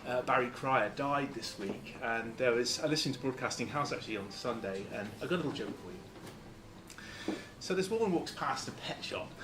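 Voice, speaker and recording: A man from Lancashire giving an informal talk to a club, halting and full of fillers and restarts. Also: medium pitch, animated, background noise. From Lancashire, England. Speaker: guest speaker.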